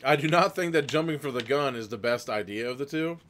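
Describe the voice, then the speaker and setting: A man's voice: medium pitch, a little fast, a bit bright, slight background noise. A man hosting a livestream, reading a gamebook aloud casually, rambling and laughing between passages. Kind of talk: livestream gamebook narration with chat votes.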